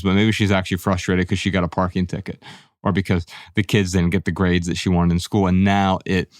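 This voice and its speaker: A man with a fairly low voice speaks reflectively on a podcast, telling personal stories. He acts out quoted lines as he goes. The recording is close and dry. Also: level tone, brisk, no room sound. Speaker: podcast co-host. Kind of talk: conversational podcast discussion.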